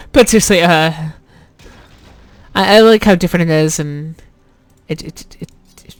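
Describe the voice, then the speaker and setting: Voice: medium pitch, a little slow, pauses often, smooth, no echo. A rambling YouTuber chats through a let's play, trailing off and restarting, cracking self-deprecating jokes and swearing casually. The voice sits in a middle range on a dry, close desk mic. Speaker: YouTuber playing a game.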